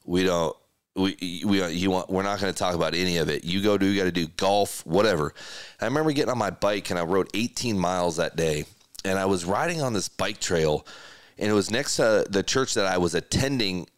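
A middle-aged man with a very low voice tells a personal story with earnest feeling, breaking off and restarting sentences as he goes. The sound is dry and close, with no room around him. He talks like a podcast host opening up in conversation. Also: a little fast, smooth, no room sound. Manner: emotional, earnest, speaks in restarts and quotes.

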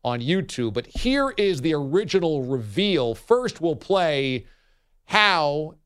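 A man hosting a sports radio show, telling stories in a lively, chatty way. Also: a little high, takes it slowly, clear, resonant tone. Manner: animated, laughing, storytelling.

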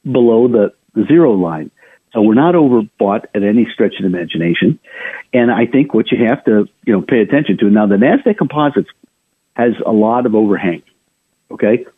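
A husky-voiced man hosts a radio show, walking listeners through the week's markets in a loose, conversational way. He speaks at a middling pitch, stumbles and restarts often, and talks to the audience as "folks". The sound is thin and narrow, like a phone line. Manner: chatty, addresses listeners directly, many restarts. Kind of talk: financial market commentary.

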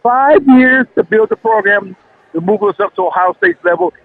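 A man's voice: very high-pitched, sing-song, moderate pace, gravelly, no room sound. A man calling in to a sports radio show, ranting insistently and repeating himself in frustration. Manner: insistent, repetitive, exasperated. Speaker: caller. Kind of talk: frustrated call-in rant. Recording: tinny phone line.

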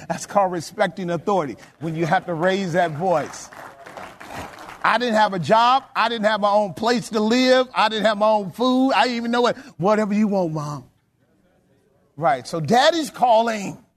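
Man, pastor, high voice, sermon, call-and-response. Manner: call-and-response preaching, rising to emphatic peaks. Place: church sanctuary.

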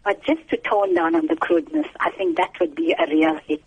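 A woman's voice: on the low side, big pitch swings, fairly quick, husky. Earnest woman caller on a tinny phone line. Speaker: radio caller, parent. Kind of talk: phone-in call.

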